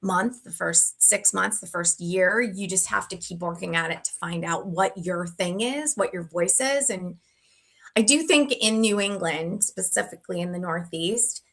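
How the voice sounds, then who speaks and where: Gravelly, bright-voiced woman comedian. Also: fairly low pitch. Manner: chatty, playful, quick to riff and joke. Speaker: stand-up comedian guest. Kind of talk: casual interview chat. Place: room with paintings.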